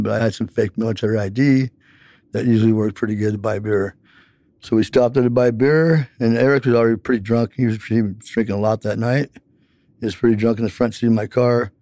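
A man's voice: on the low side, warm tone, no room sound. A man telling a long personal account in an interview, rambling with many fillers.

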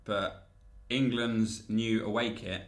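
A man co-hosting a podcast, laid-back and halting, with lots of ums. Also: on the low side, fairly even intonation, reverberant. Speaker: podcast co-host. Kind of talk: casual chat.

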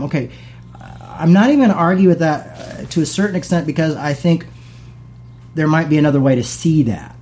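Middle-aged guy chatting about the bible, warm mellow tone, lots of asides. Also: fairly high pitch, fairly quick. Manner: conversational, reads and paraphrases aloud with many asides. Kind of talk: casual talk on scripture.

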